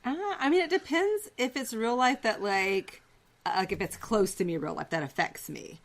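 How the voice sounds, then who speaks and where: A middle-aged woman on a podcast, talking casually and making fun of herself. Her humor is dry and sarcastic, and her pitch sits in an ordinary middle range. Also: normal speed. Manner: self-mocking, sarcastic humor. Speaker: podcast co-host. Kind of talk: casual chat.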